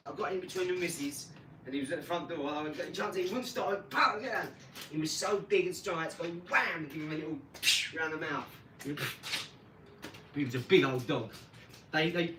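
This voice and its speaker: A man's voice: mid-range voice, recorded from a distance. Chatty man in an echoey room. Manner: chatty, animated when acting out scenes. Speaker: vlogger. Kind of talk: casual rambling storytelling. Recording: echoey room, voice off-mic, noisy.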